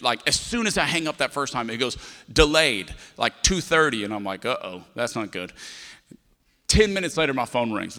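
A pastor preaches to a congregation, acting out the voices of each person in his story. He is a man in his thirties with a bright, forceful tone. His voice rings out with the long reverb of a large church hall. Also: medium pitch. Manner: storytelling, acts out dialogue with voices. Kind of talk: sermon.

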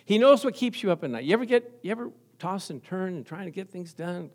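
A male pastor delivers a sermon in a fairly high voice. He tells everyday stories, laughs often, and keeps calling on the congregation for an amen. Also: lively intonation, quick pace, few pauses. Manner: storytelling with call-and-response, laughing often.

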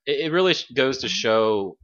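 A man's voice: medium pitch, lively intonation, moderate pace, a bit bright, highs cut off. A man co-hosting a podcast in casual chat, analytical and a little joking. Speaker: podcast co-host.

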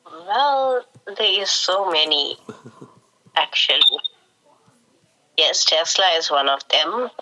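A woman's voice: on the low side, sing-song, slow, long pauses, bright, forceful tone, poor audio. A woman from South Africa chatting casually, hesitating often with fillers as she answers. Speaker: guest. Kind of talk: casual chat.

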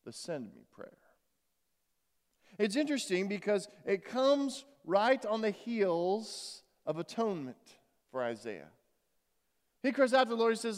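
A man preaching a morning sermon in earnest, often restarting his words and swinging between loud emphasis and soft, quiet passages. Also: sits high, lively intonation, moderate pace. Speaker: pastor. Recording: long reverb of a large hall.

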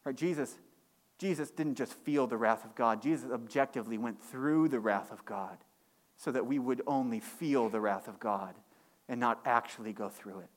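A man preaching a sermon as pastor, climbing higher and louder on key points and dropping low and quiet in reflective stretches. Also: normal speed. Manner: impassioned, rising in pitch and force on key points; drops to a quiet, low delivery for reflective passages.

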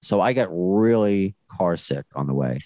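A young man hosting a casual fan podcast, telling stories in a rambling, self-correcting, animated way. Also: sits low, unhurried, dry recording. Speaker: podcast host.

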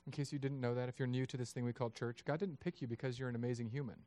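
A pastor in his thirties races through a lively sermon in a mid-range voice, acting out the voices of God and the people in his story.

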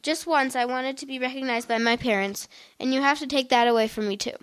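A woman's voice: sits high, brisk, a bit bright, smooth. A woman reading the part of a scheming, provoking teenage girl twin in a story. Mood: upset. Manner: sly, provoking.

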